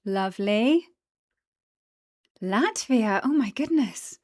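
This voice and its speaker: A woman's voice: fairly high pitch, lively intonation, slow pace, darkish tone, no room sound, clean studio sound. A woman chatting casually on a livestream, greeting viewers, giggling, tired after the gym. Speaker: streamer.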